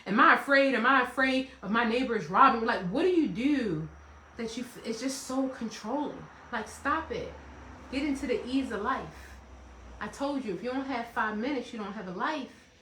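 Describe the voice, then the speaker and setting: A woman's voice: on the high side, moderate pace, bright, forceful tone, reverberant, a little hiss or hum. A woman giving a motivational self-help talk, emphatic and repetitive, breaking into playful asides. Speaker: life coach hosting a self-help talk.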